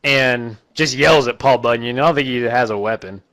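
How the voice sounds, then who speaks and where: A man recapping a terrible movie in a casual, rambling, deadpan way, quickly putting on the characters' voices. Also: mid-range voice. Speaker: host recapping a bad movie.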